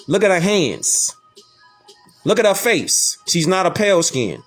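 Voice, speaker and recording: A man's voice: high voice, very animated, a little slow, faint music behind. A man hosting a casual lecture, talking emphatically in slangy street talk and repeating rhetorical questions. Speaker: host. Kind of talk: casual lecture showing images.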